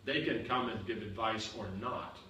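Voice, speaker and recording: A man with a lowish, pushed and bright voice talks at a moderate pace, teaching a seminar and answering questions. He repeats examples to explain and often asks "you understand?" This seminar Q&A lecture was recorded far from the mic in an echoey seminar room with faint noise.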